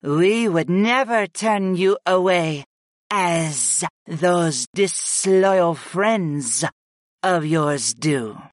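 A man voicing a slick, fawning female snake goddess in an audiobook, speaking slowly and slyly. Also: high voice, lively intonation, no echo, studio quality, heavily acted. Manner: slow, smooth and sly. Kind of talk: audiobook character voice.

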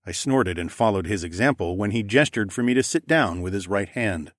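A man's voice: fairly low pitch, lively intonation, brisk, few pauses, no room sound, studio quality. A man narrating a first-person audiobook story in a wry, conversational way.

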